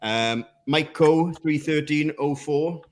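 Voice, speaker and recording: A man's voice: on the high side, takes it slowly. A man hosting a running podcast, bantering casually with friends and swearing now and then. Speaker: podcast host. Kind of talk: casual chat.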